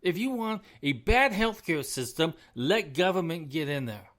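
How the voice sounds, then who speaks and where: A man's voice: on the high side, expressive, measured pace, fairly bright tone. Middle-aged guy ranting on his own podcast, punchy and repetitive, chuckles a lot. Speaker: podcast host. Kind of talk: solo opinion podcast rant.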